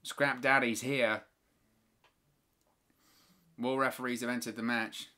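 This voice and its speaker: A man with a bright, forward voice calls a wrestling match live for his viewers. He narrates each move and breaks into opinionated, exasperated rants about the referees. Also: mid-range voice, flat delivery, slow pace. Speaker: watch-along host.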